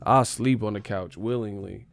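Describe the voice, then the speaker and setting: Male stream host, gravelly voice, mid pitch, dry mic, faint music bed. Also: moderate pace. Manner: profane, emphatic, animated. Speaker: boxing livestream host. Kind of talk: casual storytelling on a livestream.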